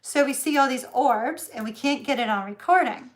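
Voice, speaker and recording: A woman's voice: high-pitched, normal speed. A middle-aged woman, telling a story in a chatty livestream, laughing often and using lots of fillers. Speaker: tarot reader host.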